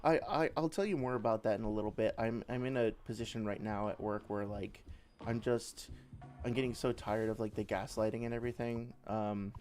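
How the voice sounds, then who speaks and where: A man's voice: on the low side, steady tone, brisk, darkish tone. Chatty, swearing man over faint game music. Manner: chatty, rambling, swears freely. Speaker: game developer playing a game. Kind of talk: casual let's-play commentary.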